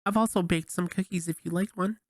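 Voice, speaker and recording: Casting: a man doing a falsely sweet, creepy young hostess, soft and raised, gravelly edge, dry sound. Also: sits high, steady tone, a little fast, no echo, pitched above the performer's own voice. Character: sweet-voiced sinister young woman, a creepy captor.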